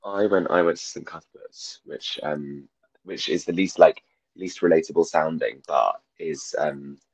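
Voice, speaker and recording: A man's voice: rumbling low, measured pace, breathy edge, no echo, low-quality recording. A young man who has lost his voice, talking as a guest comedian over a video call, rambling and self-deprecating with lots of fillers. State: hoarse, losing his voice. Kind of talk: casual chat.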